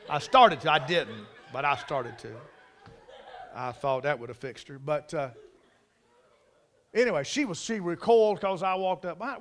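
Forceful Carolina preacher, folksy drawl. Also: male voice, on the high side, lively intonation, normal speed. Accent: Southern US, Carolinas. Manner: drawling, storytelling, emphatic asides. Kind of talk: folksy revival sermon. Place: church service.

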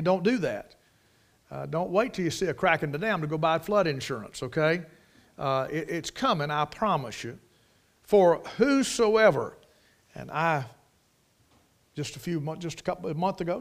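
Folksy preacher man, emphatic. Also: fairly high pitch. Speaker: preacher, Bible college teacher. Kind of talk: sermon.

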